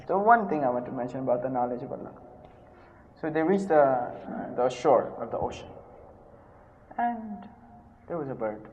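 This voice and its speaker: A man giving a sermon, telling stories with loud emphatic rises and sudden soft drops. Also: medium pitch, a little hiss or hum. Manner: mixes in Hindi/Urdu phrases. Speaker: preacher. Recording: dull sound with long hall reverb.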